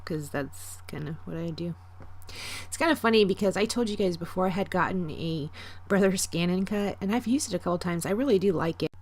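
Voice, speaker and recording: A woman narrating her scrapbooking in a chatty, self-deprecating, rambling voiceover from her home craft desk. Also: lowish voice. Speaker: scrapbooking vlogger.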